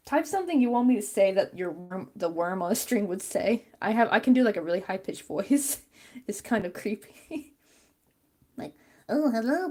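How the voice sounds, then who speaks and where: A woman's voice: a little high, dark tone. A woman chatting casually and rambling with many fillers while she crochets on a stream.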